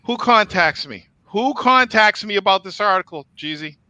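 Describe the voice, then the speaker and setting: A man hosting a podcast, telling a story in a casual, profane, animated way. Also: high voice, moderate pace, dry recording, dull audio. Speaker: podcast host.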